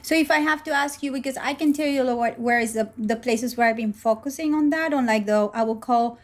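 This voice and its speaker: A woman's slightly high voice, fairly quick in pace. She's a guest in a conversational interview, thoughtful and storytelling, often performing the lines people spoke.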